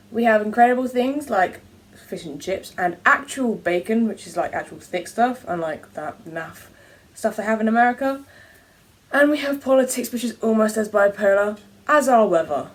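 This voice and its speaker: A woman's voice: medium pitch, lively intonation, moderate pace, far from the mic, slight background noise. Chatty jokey English teen girl. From England. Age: teens. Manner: chatty, jokey and self-mocking. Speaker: vlogger. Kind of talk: casual vlog to camera.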